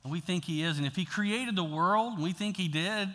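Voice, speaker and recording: A pastor preaching a sermon in a casual, talky way, swinging from loud to hushed. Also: male voice, high voice, brisk. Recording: long hall reverb.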